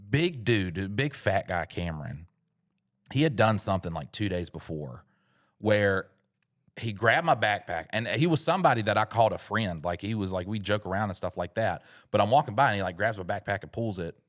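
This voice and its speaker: A man co-hosting a podcast, telling a rambling comic story full of swearing. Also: fairly low pitch. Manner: profane, rambling, animated. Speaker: podcast co-host. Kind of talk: comedic storytelling.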